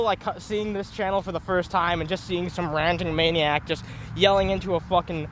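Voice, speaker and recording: A man's voice: high-pitched, steady tone, normal speed, hardly any pauses, fairly bright tone, slight background noise. A young man ranting into his phone on a solo livestream, rambling, profane and mocking himself. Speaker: streamer.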